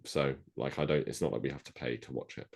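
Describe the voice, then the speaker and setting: A man co-hosting a podcast in a relaxed, chatty way, often dropping "like" between thoughts. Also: rumbling low, fast talker, vocal fry. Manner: chatty, with many "like" fillers. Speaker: podcast co-host. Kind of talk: casual chat.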